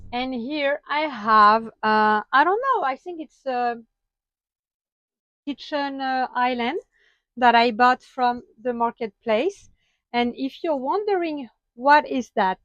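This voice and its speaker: A woman with a French accent talks slowly and a little high, pausing often on fillers and breaking into small laughs as she shows off her van. The sound is dry and a bit dull, recorded close in a small van. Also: no echo. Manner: chatty, halting with frequent fillers and laughs. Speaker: vlogger. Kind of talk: casual van tour vlog.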